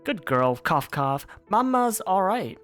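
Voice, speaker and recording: A frail mother near death speaks in a soft, slow, tender voice, pausing to cough, as a man puts her on. Her pitch moves a lot as she pleads. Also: big pitch swings, faint music behind, heavily acted. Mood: tender, mournful. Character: dying gentle mother, weak and coughing.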